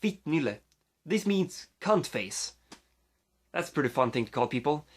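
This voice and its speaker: A man's voice: on the high side, expressive, normal speed. A man with a Swedish accent, a native Swedish speaker, vlogging casually into his phone, rambling with many fillers and restarts.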